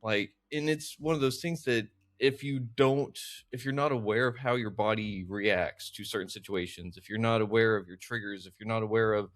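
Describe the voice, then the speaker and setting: A man's voice: lowish voice, normal speed, few pauses. A man hosting a podcast interview, sharing personal reflections in casual chat with lots of filler words. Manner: reflective, many fillers like 'like'. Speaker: podcast host.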